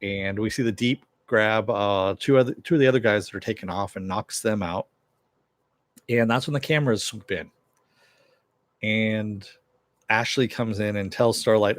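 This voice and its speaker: Low-voiced man recapping a TV episode. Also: normal speed, no room sound. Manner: conversational, with frequent filler. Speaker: TV show reviewer.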